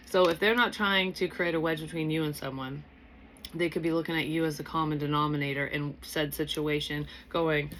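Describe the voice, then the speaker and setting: A woman's voice: low-pitched, fairly even intonation, fairly quick, a bit bright, slight background noise. A young woman working as a psychic medium, giving a casual, rambling reading and thinking aloud with frequent restarts and blunt swearing. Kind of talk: casual spoken tarot reading.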